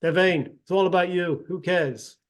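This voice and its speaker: A man's voice: high voice, normal speed. Earnest man telling a parable. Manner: earnest, with many restarts and repeated words. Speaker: self-development practitioner. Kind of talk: motivational storytelling talk.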